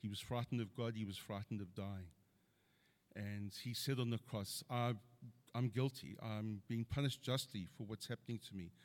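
A man's voice: on the low side, fairly even intonation, moderate pace. A middle-aged man preaching a sermon, earnestly quoting scripture and building to emphatic points.

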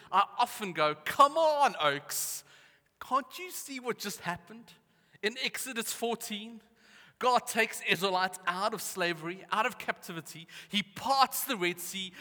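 A man preaching with bright, forceful energy, acting out the voices in his stories. His voice sits a touch high for a man and rings with a long reverb, as if he is speaking in a large hall. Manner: lively storytelling, acting out voices. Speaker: pastor. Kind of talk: sermon.

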